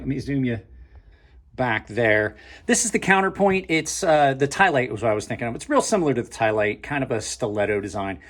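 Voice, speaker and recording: A man's voice: mid-range voice, a bit bright. Chatty man unboxing knives on camera. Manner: chatty, thinks aloud, trails off and restarts; dry sarcastic asides. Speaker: knife reviewer and channel host. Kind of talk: casual unboxing vlog.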